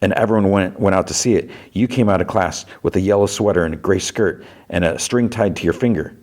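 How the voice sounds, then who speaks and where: Man reading a dying husband, tender and reminiscing, low voice, barely acted. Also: brisk, a little mellow. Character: dying man comforting his wife.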